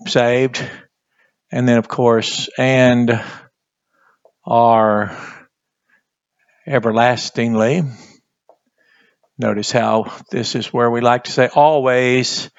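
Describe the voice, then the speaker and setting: A man teaching a Bible language class, speaking haltingly and repeating words as he writes on a board. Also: mid-range voice, no room sound, highs cut off. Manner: slow, halting, repeats words while writing. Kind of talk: classroom lesson at a whiteboard.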